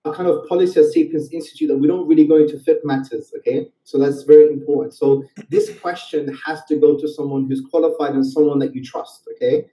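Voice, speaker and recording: A man's voice: fairly high pitch, steady tone, fast talker, hardly any pauses, mellow. A man speaking as a guest in a played clip, explaining in a careful, qualifying way and checking in with "okay?". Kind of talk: measured explanatory talk. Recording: far-off roomy clip recording.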